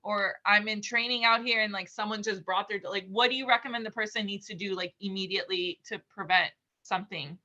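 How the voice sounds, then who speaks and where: A woman's voice: medium pitch, a little fast, few pauses, sharp tone, muffled recording. A woman asking a trainer questions in a chatty, playful way, often restarting her sentences. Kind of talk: casual conversation.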